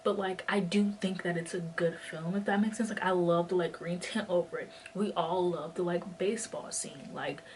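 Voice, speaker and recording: A woman's voice: fairly low pitch, fairly even intonation, moderate pace, hardly any pauses, darkish tone, slight background noise. A young woman in her twenties vlogging while walking, chatting in a rambling way full of fillers, a bit out of breath. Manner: rambling, filler-heavy, lots of "like". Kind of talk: casual chat. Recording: distant mic with faint ambience.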